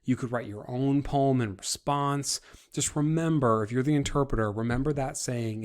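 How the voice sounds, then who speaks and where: A man's voice: medium pitch, normal speed. A male teacher explaining a group assignment to his students in a conversational way, with frequent fillers and restarts. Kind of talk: classroom instruction video. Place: recorded for an online class.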